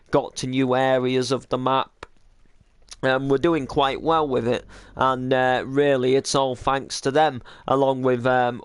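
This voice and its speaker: A man livestreaming in a casual, rambling way, his voice a little croaky from a sore throat. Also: mid-range voice, no echo, clean studio sound. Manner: rambling, lots of fillers and repeats. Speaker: streamer and YouTuber.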